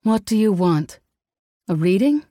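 A woman voicing a brash, blunt young woman who runs a shop, speaking loud and curt. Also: medium pitch, animated, unhurried, no echo, studio quality, voice pushed up. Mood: wary.

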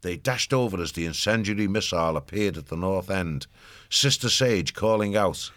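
A man giving steady scripted narration of a story. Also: low-pitched, moderate pace, no echo, clean studio sound.

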